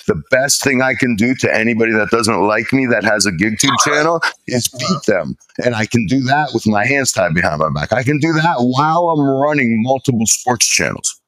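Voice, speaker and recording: A swaggering man talks up his own channel in loose, profane podcast banter. His voice sits at an everyday middle pitch. The sound is close and dry, with no room around it. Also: a bit bright, no echo. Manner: boastful, swaggering, swears a lot. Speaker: guest YouTuber. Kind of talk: casual profane podcast chat.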